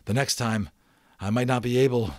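A man's voice: medium pitch, normal speed, a little mellow, no room sound, clean studio sound, pitched above the performer's own voice, close to an everyday voice. A man voicing a weary, self-doubting male magician who is bitter yet kind, talking in a mournful, theatrical way. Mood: defeated. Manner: mournful, theatrical, with flares of sputtering rage.

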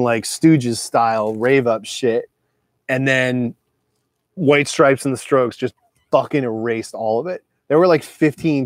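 Man in his forties, record collector, rambling and profane, dry close sound, middle-pitched voice. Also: no echo. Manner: profane, digressive, loose with filler words. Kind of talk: casual rambling monologue.

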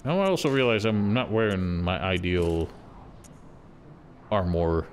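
A man streaming a video game, cursing and yelling at the enemies with frustration. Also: sits low, measured pace, a little hiss or hum. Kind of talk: live game commentary.

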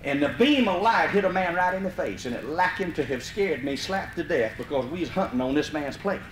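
Brisk and lively in intonation, a man with a slightly high voice and a Southern US accent from Mississippi entertains a live audience. He tells a folksy comic story and breaks into hollers along the way. The audio is a roomy vinyl live recording carrying faint hiss.

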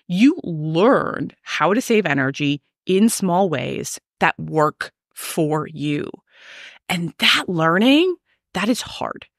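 Animated woman ranting on a podcast. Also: on the low side, dry recording, clean studio sound. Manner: emphatic, animated, ranty. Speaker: podcast host, coach. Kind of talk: solo podcast rant.

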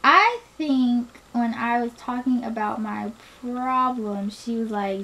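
A young woman telling a storytime vlog, animated and sassy, laughing often, recorded on a laptop webcam at home. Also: fairly high pitch, slow pace, few pauses. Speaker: vlogger.

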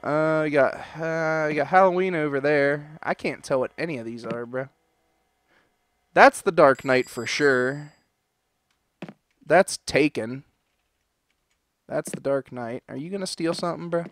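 A man doing let's play commentary, loud and joking, swearing and talking back to game characters. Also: a little high, measured pace, pauses often, no echo. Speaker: gaming video creator.

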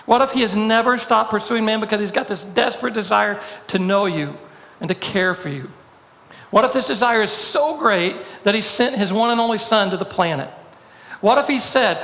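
A man's voice: high voice, fairly quick, a bit bright, big-room sound. A man preaching a sermon as pastor, building his points through repeated rhetorical questions and emphatic quoted lines.

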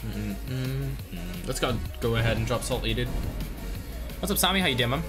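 A young man with a Northern Irish accent streaming a game live, reacting loudly and greeting chat in casual slang. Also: mid-range voice, normal speed, music in the background. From Northern Ireland. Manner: excitable, slangy, swings between loud outbursts and muttering. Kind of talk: live gameplay commentary with chat shout-outs.

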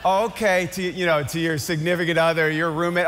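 A male pastor preaching with fervent swings between loud climaxes and hushed conversational asides. His voice sits high for a man. The sound carries the long reverb of a large church hall. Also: level tone, brisk, noisy background. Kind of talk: sermon.

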